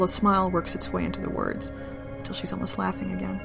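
Brief: woman storyteller, gravelly low voice, even delivery, faint music underneath. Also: quick pace. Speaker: narrator. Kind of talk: reading an adult romance story aloud.

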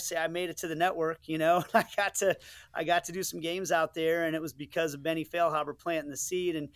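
As a guest in a casual interview, this middle-aged soccer commentator from the United States shares stories earnestly, often restarting and wandering into asides. His voice is clear, resonant, a bit bright and a little high, captured in a dry recording.

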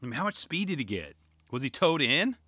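A young man giving casual solo commentary on skateboarding, excitable and rambling, firing off rhetorical questions. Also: medium pitch, brisk, husky, no echo.

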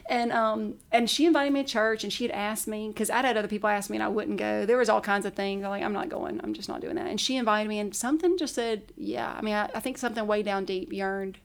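A woman's voice: mid-range voice, fairly even intonation, fairly quick, vocal fry. A woman telling a personal story in casual conversation, chatty and laughing often. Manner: chatty, laughs often, acts out her own past words. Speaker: podcast guest.

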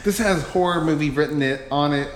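A man's voice: fairly high pitch, brisk. A young man co-hosting a podcast, dropping dry, joking comments into a casual chat. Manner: wry, joking interjections. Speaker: podcast co-host. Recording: echoey room.

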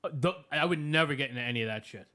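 A man co-hosting a podcast, quick and profane, often laughing through crude banter. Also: mid-range voice, bright, forceful tone.

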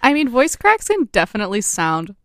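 A woman's voice: a little high, big pitch swings, a little fast, fairly bright tone, no room sound. A young woman co-hosting a podcast in casual chat, laughing often and telling stories with animation. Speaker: podcast co-host.

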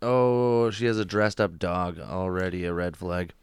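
Young male podcast co-host, smooth resonant voice, dry delivery, chuckling side remarks. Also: sits low, steady tone, measured pace. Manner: wry, chuckling, dry jabs. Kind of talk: casual podcast banter.

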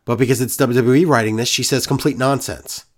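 A man's voice: medium pitch, steady tone, fairly quick. A man co-hosting a casual wrestling recap podcast, ranting in a sarcastic, exasperated way.

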